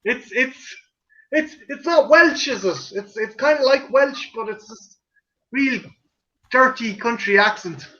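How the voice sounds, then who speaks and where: A man's voice: very high voice, animated, measured pace, pushed and bright, dull audio. A man hosting a livestream in casual chat, rambling, swearing and laughing. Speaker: stream host.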